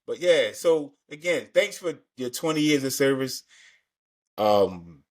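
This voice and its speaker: A man's voice: medium pitch, expressive, measured pace. A male podcast host in a mid-range voice, chatting loosely with his guest. He talks in easy slang and circles back on his words while he thinks, like an old shipmate catching up. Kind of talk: casual interview chat.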